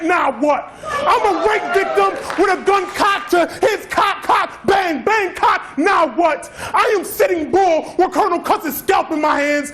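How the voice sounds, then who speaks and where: A man delivers a spoken word poem with a strikingly high voice. He hammers each line in a fierce, rhythmic shout. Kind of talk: spoken word poetry performance.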